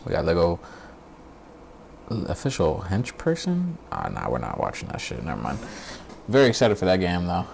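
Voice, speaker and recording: Low and gravelly, this man swings his voice up and down as he riffs through a casual reaction stream. He talks bluntly, curses freely and mocks what he watches, with laughs mixed in. His tone stays rough and loose throughout. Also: normal speed, long pauses, slight background noise. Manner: profane, blunt and mocking; animated, laughs often. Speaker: streamer host.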